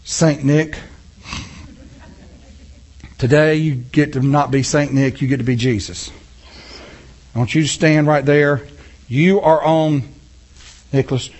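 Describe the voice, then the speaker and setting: A man preaching a sermon in church, acting out scenes with a volunteer from the congregation. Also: on the high side. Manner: animated, acts out scenes with a volunteer. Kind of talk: sermon with audience interaction.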